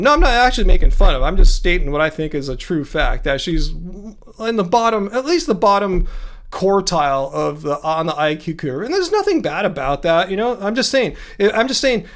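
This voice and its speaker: Male livestream host, higher-pitched voice, sarcastic ranting, chatty with viewers. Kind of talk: casual livestream chat reading viewer comments.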